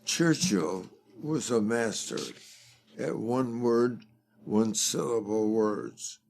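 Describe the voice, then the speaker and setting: An older man, a fundraising expert, talking slowly and deliberately as a guest in a conversational interview. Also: fairly low pitch, gravelly, darkish tone.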